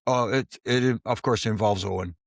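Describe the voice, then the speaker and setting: A man's voice: lowish voice, normal speed, creaky, no room sound, clean studio sound. A man, a former wrestling referee, telling casual backstage stories in an interview and acting out the dialogue. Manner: storyteller who acts out quoted dialogue in his tales. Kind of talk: casual anecdotal storytelling.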